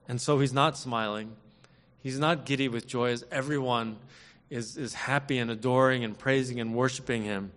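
Male preacher, earnest and measured sermon delivery with repeated emphasis, long hall reverb. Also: mid-range voice, steady tone, fairly bright tone.

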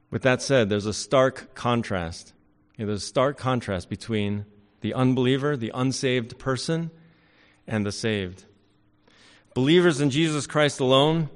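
Male pastor, mid-range voice, emphatic preaching style with loud and quiet swings, long hall reverb. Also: mid-range voice. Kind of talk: sermon.

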